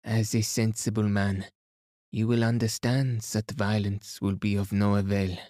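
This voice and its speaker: A man reading aloud as a fastidious elderly detective, speaking gently and gravely. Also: on the low side, level tone, dry recording, studio quality, natural voice. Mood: placid. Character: fastidious elderly male detective, calm and placid.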